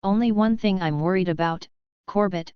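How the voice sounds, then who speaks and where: A woman's voice: lowish voice, clean tone, dry recording, natural voice. Wisecracking young space cadet guy, woman reading, sarcastic, a bit dull lo-fi sound. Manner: sarcastic and quick-tongued. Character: sardonic wisecracking young male radar cadet.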